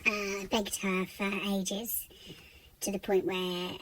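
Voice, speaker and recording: A woman speaks at a middle pitch, telling her own story in an unscripted vlog. Her delivery is halting and raw, and she often repeats words as she goes. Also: level tone, a bit bright, slight background noise. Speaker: vlogger.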